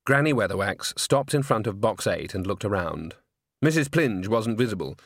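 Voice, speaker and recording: A man's voice: on the low side, lively intonation, normal speed, no echo. A man reading an audiobook, narrating in a dry, wry storytelling manner on a close studio mic. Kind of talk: scripted narration.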